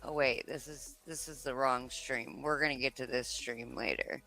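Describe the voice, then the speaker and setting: A woman's voice: very deep voice, fairly even intonation, moderate pace, pushed and bright, soft background music. A woman hosting a casual livestream, rambling and swearing, poking fun at herself while talking into a desk microphone. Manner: rambling, profane, self-mocking. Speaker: livestream commentary host.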